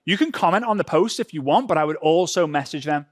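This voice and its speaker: Male workshop co-host from Europe, chatty and loose, fairly high voice, dry close sound. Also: animated, fast, no room sound. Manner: chatty, loose, with many restarts. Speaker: workshop co-presenter. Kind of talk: live workshop demonstration.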